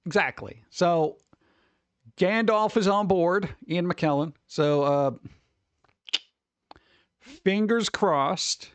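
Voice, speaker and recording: A man in his forties hosting a stream, talking in a loose, rambling way with wry asides and muttered reactions. His voice sits a little high for a man and sounds close and dry, with no room around it. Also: animated, slow, clean tone, no echo. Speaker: streamer host. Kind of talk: casual rambling commentary.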